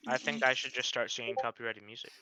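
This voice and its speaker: A man chatting jokingly as a podcast guest, trailing off softly at the ends of his thoughts. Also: mid-range voice, steady tone, fast, noisy background. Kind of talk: casual chat. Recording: dull lo-fi mic.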